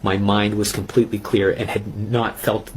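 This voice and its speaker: A man telling his personal faith testimony in an earnest, intense way, pausing and restarting as he recounts it. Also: lowish voice, flat delivery, a little hiss or hum. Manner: earnest, intense storytelling with halting pauses. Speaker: testimony speaker.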